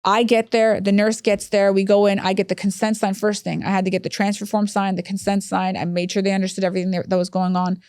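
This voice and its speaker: Her smooth, mid-range voice carries a long story told during a podcast interview. She runs a hospice as its chief operating officer and narrates quickly and animatedly, acting out each line of dialogue, all on a dry, clean studio recording.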